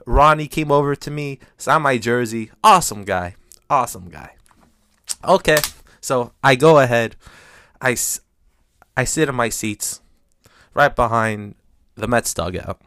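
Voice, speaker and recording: Man, casual rambling storyteller, lively pitch, dry close sound. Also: a little slow, long pauses, clean tone, no room sound. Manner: animated, rambling with restarts and fillers.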